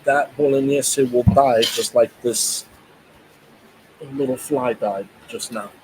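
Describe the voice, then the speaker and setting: A man's voice: medium pitch, fairly even intonation, background noise. A man hosting a reaction video, laughing often and groaning at the cooking. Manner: laughs a lot, drawn-out dismayed remarks. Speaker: channel host reacting. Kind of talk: casual reaction commentary.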